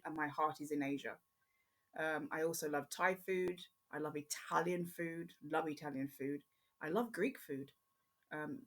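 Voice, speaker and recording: Chatty Jamaican-born woman with an English accent. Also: low voice. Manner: chatty, rambling, frequent "um" pauses. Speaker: podcast host. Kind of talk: casual solo podcast chat.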